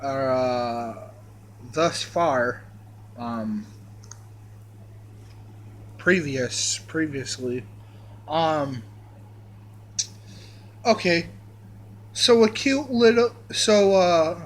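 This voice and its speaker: High-voiced man rambling slowly. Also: expressive, a little hiss or hum, low-quality recording. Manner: crude, meandering, many fillers and restarts. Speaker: vlogger telling a personal story. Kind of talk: rambling first-person storytelling.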